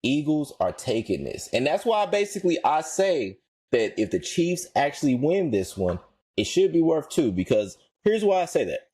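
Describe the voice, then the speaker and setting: With a somewhat high, slightly breathy voice, this podcast co-host talks at a moderate pace in a relaxed show. He's lively and slangy, hammering points home by saying them again, and the audio has no room sound.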